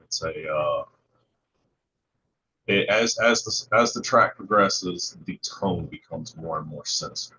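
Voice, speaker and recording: A man joining a livestream as a guest, talking slowly and haltingly with many restarts. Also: low voice, sharp tone. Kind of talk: casual livestream chat. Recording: dull lo-fi line with faint noise.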